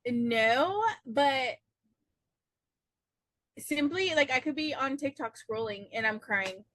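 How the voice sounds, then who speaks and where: Bright high-voiced tired woman guest. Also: expressive, slow pace, dry recording. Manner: giggly, laughs often. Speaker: business owner guest. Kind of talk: casual chat.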